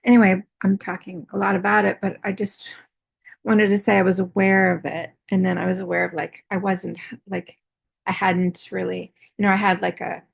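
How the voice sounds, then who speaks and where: A woman's voice: medium pitch, little pitch movement, normal speed, gravelly, slightly rough, dry recording. A woman in her forties, out of breath, telling a personal story in a rambling way, full of fillers and restarts. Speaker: artist vlogger.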